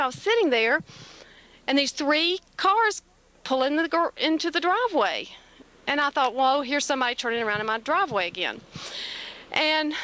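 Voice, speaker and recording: A woman with a drawl talks into a home camcorder, retelling a story in a long, rambling stream and quoting everyone along the way. Her voice sits high and bright. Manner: excited, rambling retelling with many quoted lines.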